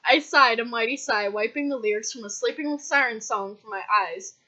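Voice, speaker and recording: Bright-voiced woman reading comic fanfic. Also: on the high side, a little fast. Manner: mock-dramatic, deadpan narration. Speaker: fanfiction reader. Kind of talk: comic dramatic story reading. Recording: dull lo-fi recording.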